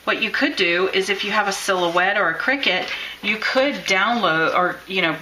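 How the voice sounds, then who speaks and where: A bright-voiced woman teaches a live craft lesson, talking casually and encouragingly as she demonstrates. The room is echoey, with faint ambience behind her. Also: mid-range voice, normal speed, slight background noise. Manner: chatty, encouraging, thinks aloud while drawing.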